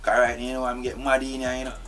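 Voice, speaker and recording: A man's voice: mid-range voice, monotone, rapid-fire, lightly acted. An actor with a Jamaican accent playing a tied-up young man who insistently demands to be let go, tagging "you know" onto his lines. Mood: defiant. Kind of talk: acted film drama.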